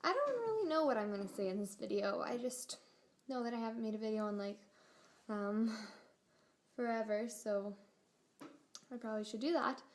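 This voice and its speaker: A woman's voice: a little high, lively intonation, normal speed, long pauses, slight background noise. Rambling teen girl vlogger. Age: teens. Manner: rambling, filler-heavy, exasperated. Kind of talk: casual rant to camera.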